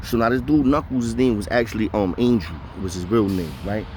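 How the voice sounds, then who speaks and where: A man's voice: fairly low pitch, a little fast, mellow, slight background noise. A man casually telling profane stories, full of street slang and repeated "know what I mean" fillers. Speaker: storyteller. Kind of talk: casual storytelling.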